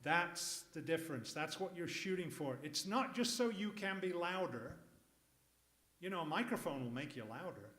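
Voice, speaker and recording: A man's voice: fairly high pitch, normal speed. A man teaching public speaking to a live audience in a workshop, emphatic and jokey. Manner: lively, emphatic, jokey asides. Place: conference room. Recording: echoey room.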